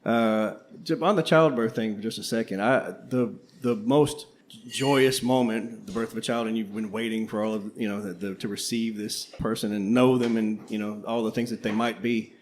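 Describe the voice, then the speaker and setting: A man's voice: fairly low pitch, fairly even intonation, moderate pace, a little hiss or hum. An older man co-hosting a casual panel chat, rambling and reflective. He laughs easily as he talks. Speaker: co-host, history teacher. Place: coffeehouse before a live audience.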